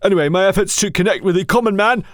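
A man's voice: sits high, rapid-fire, a bit bright, dry recording, studio quality. A man doing Lord Ross, a plummy snob. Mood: snobbish. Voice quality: plummy, haughty drawl. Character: pompous older male aristocrat lord, snobbish and idle. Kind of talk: satirical radio sketch.

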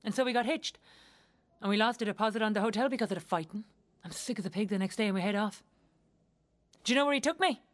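Irish actress as a young wife, wry, blunt, earthy, foul-mouthed, theatrical monologue. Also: female voice, medium pitch, quick pace, close to an everyday voice. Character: blunt, wry young Irish woman recalling her marriage.

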